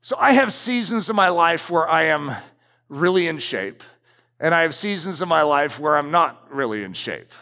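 Casting: middle-aged male pastor, high lively voice with some gravel, sermon in a church with long reverb. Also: normal speed. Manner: emphatic, repetitive preaching. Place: church sanctuary.

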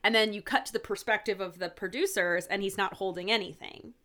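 A woman's voice: medium pitch, brisk. A woman co-hosting a podcast, recapping a TV episode in a loose, chatty way. She fills her speech with "like" and slips into the characters' lines as she goes. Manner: animated retelling, many "like"s, acting out quoted lines. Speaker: podcast co-host. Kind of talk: casual chat recapping a TV episode.

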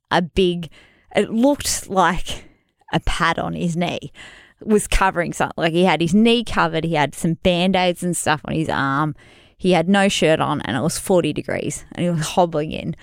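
A woman co-hosting a casual podcast, telling an animated, self-deprecating story. She laughs easily, and her voice sits slightly low. The sound is dry and close. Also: gravelly, no room sound. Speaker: podcast co-host.

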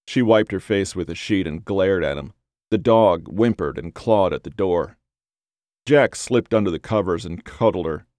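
Male storyteller, low-pitched, measured and deliberate, dry recording. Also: darkish tone, dry recording. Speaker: narrator. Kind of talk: scripted story narration.

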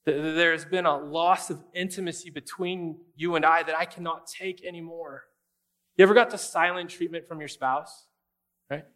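A man preaching a sermon in a conversational style, asking the congregation rhetorical questions and adding quick asides. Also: a little high, a bit bright. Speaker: pastor.

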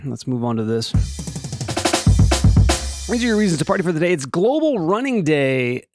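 A man's voice: fairly high pitch, big pitch swings, normal speed, music in the background. A man hosting a casual solo daily podcast, rambling and joking through the day's items with many restarts and asides. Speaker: podcast host.

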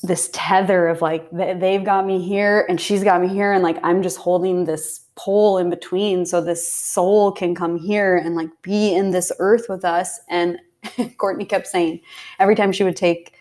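A woman from Pennsylvania, a podcast guest, telling a personal story in a heartfelt way, sometimes dropping to a soft whisper. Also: lowish voice, steady tone, moderate pace. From Pennsylvania, USA. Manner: heartfelt, drops to soft whispers when recalling intense moments. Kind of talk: casual storytelling.

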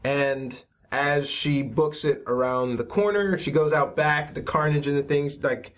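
A man running a tabletop role-playing game, narrating scenes in a relaxed, rambling way with many fillers. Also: a little high, a little slow. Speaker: game master.

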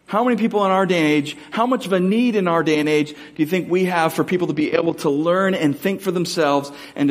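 Earnest man preaching a sermon. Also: a little high. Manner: earnest, conversational, asks the audience questions. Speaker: pastor.

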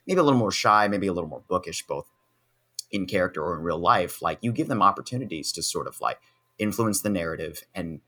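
A man's voice: low-pitched, animated, quick pace, sharp tone. A man, a guest improv performer, talking casually with many "you know" and "like" fillers. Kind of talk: casual podcast chat.

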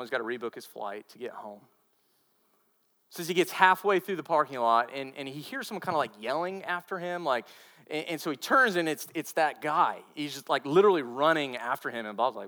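A pastor delivers his sermon as an earnest storyteller. His voice sits somewhat high for a man, and he often restarts and repeats phrases for emphasis. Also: pushed and bright.

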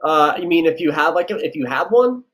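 Guy talking casting tips, kinda high voice, loose and chatty. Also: animated, a little fast, fairly bright tone, rough recording. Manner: loose, chatty, lots of likes and you-knows. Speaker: casting director. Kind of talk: casual interview advice.

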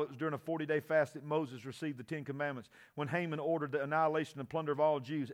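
A man preaching a sermon, often shouting and calling for responses from the congregation. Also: fairly high pitch. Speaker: pastor.

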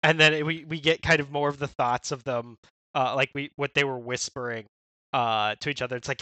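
Male co-host, upbeat and bright-toned, dry close mic, performs quotes with playful voices. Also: medium pitch, fairly quick, dry recording. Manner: animated, acts out lines in character voices. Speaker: podcast co-host. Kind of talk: casual chat.

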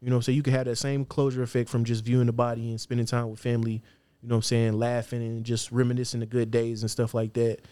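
A man's voice: medium pitch, little pitch movement, fast talker, warm tone, clear, resonant tone, dry recording. Brief: male podcast co-host, blunt opinions, laid-back slang, dry close mic. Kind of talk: casual podcast banter.

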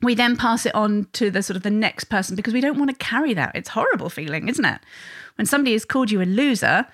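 A woman's voice: on the high side, lively intonation, fast talker. A woman, talking straight to viewers about parenting in a conversational way, often adding tag questions. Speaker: parenting educator.

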